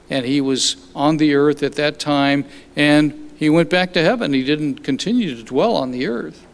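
A man preaching a sermon, explaining scripture in an unhurried way and often restarting his sentences. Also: on the high side. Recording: long hall reverb.

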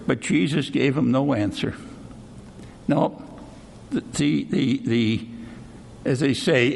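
A man's voice: fairly high pitch, vocal fry, fairly bright tone. A man preaching a sermon, conversational and constantly checking in with "see?", with a long hall reverb. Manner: conversational, repeats "see?" often.

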